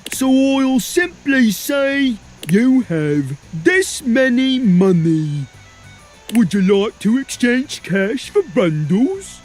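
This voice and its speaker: A hammy fake-Cockney merchant. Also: male voice, extremely high pitch, sing-song, takes it slowly, soft background music, full character voice. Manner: hammy, exaggerated. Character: jovial shopkeeper with put-on rough accent.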